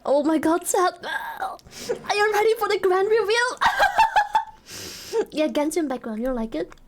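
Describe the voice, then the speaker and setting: Very high-pitched, giggly woman streamer. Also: takes it slowly, very noisy. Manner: excitable, giggly and foul-mouthed. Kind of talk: casual live-stream chat.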